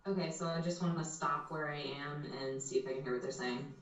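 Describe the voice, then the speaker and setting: A man's voice: fairly high pitch, brisk, fairly bright tone. A hesitant man at a tabletop game who keeps asking questions. He is far from the mic, and the sound is dull. His voice rings with heavy echo. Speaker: player. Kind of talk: casual tabletop play. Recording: dull, distant, very echoey.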